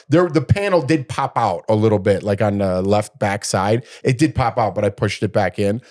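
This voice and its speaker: A middle-aged man co-hosting a podcast, telling a story in casual chat and jumping up in pitch to act out what people said. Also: normal speed, hardly any pauses. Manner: animated, acts out quotes in a raised voice. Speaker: podcast co-host.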